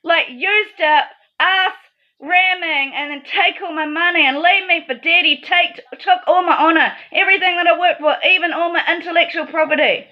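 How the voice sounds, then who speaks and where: A woman's voice: extremely high pitch, moderate pace, lo-fi sound. A woman delivering an aggrieved, accusatory monologue straight to the viewer. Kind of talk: emotional monologue to camera.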